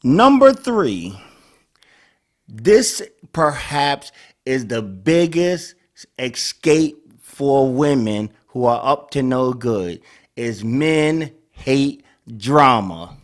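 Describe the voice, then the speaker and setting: Male host, casual talk, lively swinging delivery. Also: mid-range voice, extremely slow. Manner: animated, acts out dialogues. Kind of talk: casual commentary.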